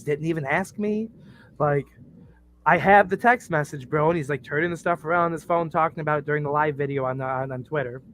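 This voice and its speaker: A man co-hosting a casual podcast, telling crude stories and cracking himself up. His voice sits a little high for a man. There is a faint hum behind him. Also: fairly bright tone. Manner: crude, joking storyteller who laughs at his own stories. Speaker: podcast co-host. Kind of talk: casual chat.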